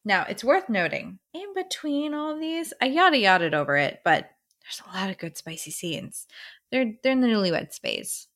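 A woman's voice: on the high side, very animated, moderate pace, a bit bright. A woman co-hosting a book podcast, retelling the plot in casual chat and acting out the characters' lines.

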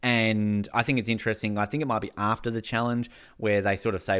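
A man co-hosting a casual recap podcast, excitable, laughing often and swearing freely. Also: lowish voice, fast talker, smooth. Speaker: podcast co-host.

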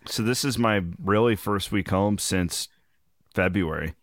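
A man hosting his podcast in casual chat, hoarse from travel, telling loose, rambling stories with the odd swear. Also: fairly low pitch, measured pace, no room sound, studio quality. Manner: loose, rambling, profane storytelling. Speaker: podcast host.

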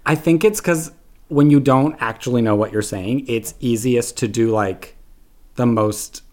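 A young man from Serbia, raised in Canada, chatting casually and playfully as a podcast guest, animated and swearing freely. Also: medium pitch, measured pace. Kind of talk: casual chat.

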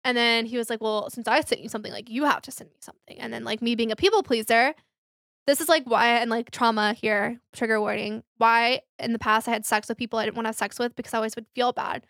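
In a casual podcast chat, the young female co-host tells candid stories, voicing other people's words and using plenty of fillers. Her voice is a little high and fairly bright, her intonation fairly even, and she's a fast talker. The sound is dry and clean, as from a studio.

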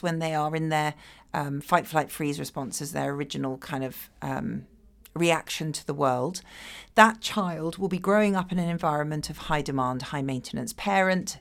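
A woman speaking as an addiction therapist in a conversational interview, reflective and acting out quoted exchanges. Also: deep voice. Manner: reflective, acts out quoted dialogue.

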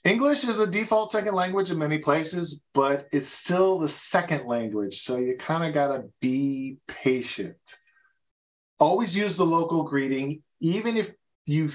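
An American man with a fairly high voice hosts a podcast, chatting casually about travel tips on a muffled recording. He's chatty and laughs often, stumbling over repeated words and restarting sentences.

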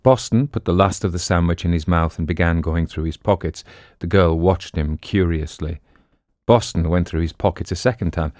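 A man narrating an audiobook in a steady, even storytelling manner. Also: deep voice, normal speed, no echo, clean studio sound.

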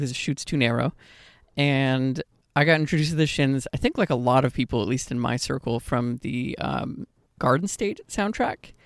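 A man's voice: mid-range voice, dry recording, clean studio sound. A man co-hosting a podcast, chatting casually about music, giggly and enthusiastic. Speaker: podcast co-host.

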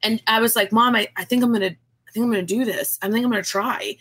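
A woman's voice: fairly high pitch, quick pace, slightly rough. A woman in her thirties, a guest author, chatting in an interview and acting out the people in her stories. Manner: animated storyteller, acts out quoted voices. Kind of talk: casual interview chat.

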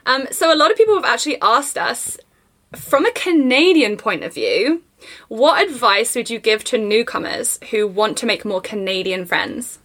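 A woman with an English accent hosting a podcast, telling stories in lively casual chat and laughing often. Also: a little high, normal speed. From England. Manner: laughing, animated storyteller. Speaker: podcast host.

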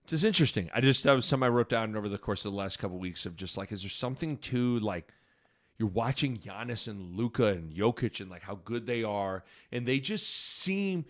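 A man's voice: lowish voice, expressive, fairly quick. A man co-hosting a casual sports podcast, rambling through his points with lots of fillers and restarts.

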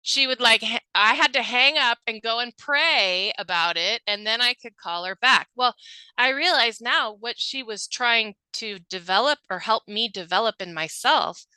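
Bright, crisp-voiced earnest woman. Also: a little high, normal speed, dry recording, rough recording. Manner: earnest, animated storytelling. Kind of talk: casual spiritual conversation.

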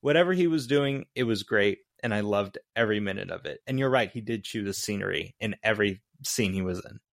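A man co-hosting a podcast, chatting casually about a film, animated and excitable, with lots of filler words and frequent laughs. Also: on the low side, fairly quick, creaky, dry recording, clean studio sound. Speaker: podcast co-host. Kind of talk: casual movie review chat.

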